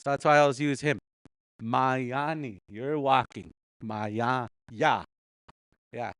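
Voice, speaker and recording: A man's voice: medium pitch, takes it slowly, a bit bright, clear, resonant tone, no echo. A man teaching a casual language class, patiently repeating words and chuckling often.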